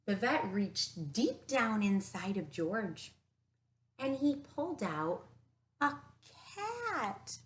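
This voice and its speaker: A teacher reads a storybook aloud to children in a lively, medium-pitched voice, drawing out her words. She's animated and stops to ask the kids questions, recorded on a camera mic.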